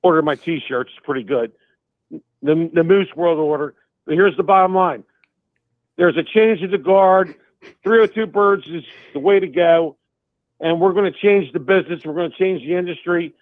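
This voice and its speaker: High-voiced guy calling in, all fired up, tinny phone sound, super dry. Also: normal speed, no echo. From Delaware. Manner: fired-up, emphatic, repeats himself. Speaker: caller. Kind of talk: fan call-in rant.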